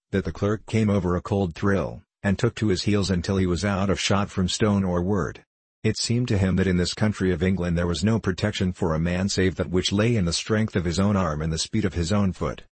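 Man, audiobook narrator, deep voice, husky, dry close sound, measured storytelling. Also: no echo. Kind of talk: scripted narration.

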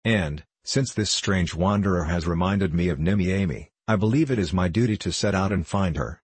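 Guy reading a serious tin emperor, low husky voice, dry close sound, old storybook feel. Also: normal speed, no room sound. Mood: earnest. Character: kindly earnest tin man emperor, formal. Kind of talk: audiobook reading.

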